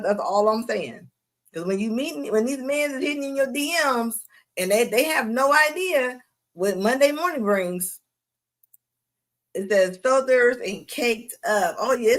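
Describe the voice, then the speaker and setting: A woman hosting a livestream, giving mocking reaction commentary with frequent laughter. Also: a little high. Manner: laughing mocking banter, drawn-out asides. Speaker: host.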